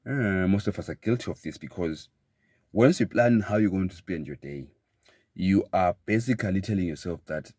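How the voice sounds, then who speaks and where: A man giving a motivational talk in an emphatic way, often repeating phrases and building to excited bursts. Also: deep voice, normal speed, no room sound, studio quality. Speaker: motivational speaker.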